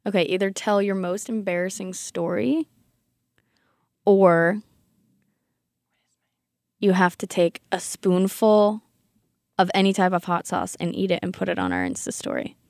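A woman's voice: mid-range voice, lively intonation, a little slow, pauses often, a little mellow, dry recording, clean studio sound. A young woman co-hosting a casual podcast, chatty and giggly, with lots of "like" fillers. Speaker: podcast co-host. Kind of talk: casual chat.

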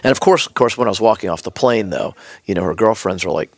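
A man's voice: lowish voice, quick pace, no room sound. A man appearing as a guest on a podcast, telling a personal story in casual chat and acting out the lines of the people in it. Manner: animated storyteller acting out quoted dialogue. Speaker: podcast guest, business executive.

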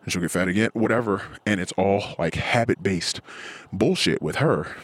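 A man in his thirties hosting a podcast, venting in a frustrated, profane monologue and mimicking others in a high voice. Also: normal speed. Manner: frustrated, ranting, swears often. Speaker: podcast host.

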